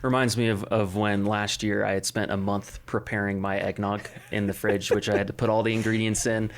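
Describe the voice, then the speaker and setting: Low, flat-voiced man rambling on a podcast. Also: brisk. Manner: rambling, many fillers and restarts. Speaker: podcast co-host. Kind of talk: casual chat.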